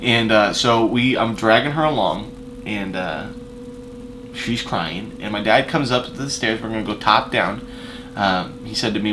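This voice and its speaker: In a casual vlog, a man speaking a little slowly in a lowish voice rambles through a personal story full of fillers and restarts. He moves between loud, emphatic moments and quiet asides, and the background is noisy.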